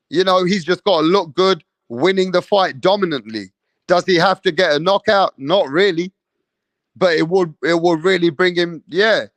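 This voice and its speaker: In a dry recording, a young man with a high voice runs a boxing livestream. He talks casually with heavy slang, says things more than once, and reads viewer comments aloud.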